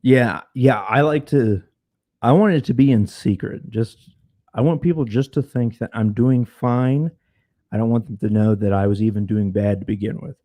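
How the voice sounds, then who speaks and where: A man tells his story on a casual podcast, blunt and peppered with swearing. He often trips over his first words. His tone is mellow and the sound is dry. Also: medium pitch, normal speed, dry recording. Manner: frank, profane, repeats words when starting. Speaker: podcast guest.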